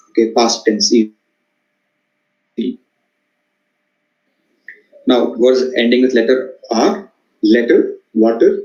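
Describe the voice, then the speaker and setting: A man's voice: medium pitch, darkish tone. Indian guy teaching a class, lots of uhs and restarts, echoey muffled room sound. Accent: Indian English. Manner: halting, many "uh" fillers and repeated words. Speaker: communication trainer. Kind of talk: lecture to students.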